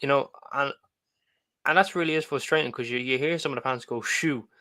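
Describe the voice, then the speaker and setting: A man co-hosting a football podcast, speaking conversationally. His tone is bright and pressing, and he stammers as he starts his points. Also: medium pitch, fast talker. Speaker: podcast co-host. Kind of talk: casual football podcast chat.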